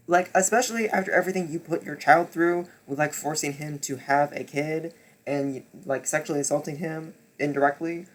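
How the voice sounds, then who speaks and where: A man casually reviewing books he read, telling it dramatically, swearing and repeating himself as he gets worked up. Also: a little fast. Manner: swings from low muttering to loud near-shouting. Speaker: book reviewer. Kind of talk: casual book wrap-up vlog.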